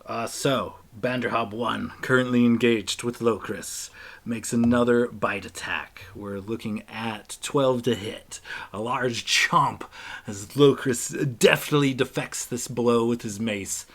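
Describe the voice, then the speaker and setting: A man runs a tabletop game as game master, describing the fight in a slow, unhurried way. He halts often and fills the gaps with fillers. His voice sits at a middle pitch. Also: a bit bright. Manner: halting, many fillers.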